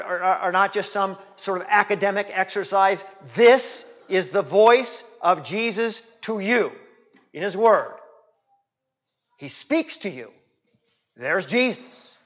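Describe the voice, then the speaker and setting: A male pastor preaching a sermon in a church, emphatic, repeating key words and swinging from loud to hushed. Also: high-pitched. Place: church sanctuary. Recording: reverberant, dull lo-fi church recording.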